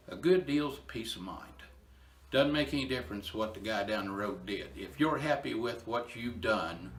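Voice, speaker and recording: A man's voice: medium pitch, a bit bright, echoey room. An older man telling a personal story of faith in an earnest, folksy and emotional way, recorded in a barn. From Indiana, USA. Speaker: inspirational storyteller. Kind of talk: personal testimony talk.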